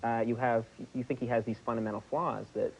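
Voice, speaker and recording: A male talk show host interviewing a guest, asking his questions in a halting, stammering way. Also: mid-range voice, fairly even intonation, creaky, a little mellow, dull audio, a little hiss or hum.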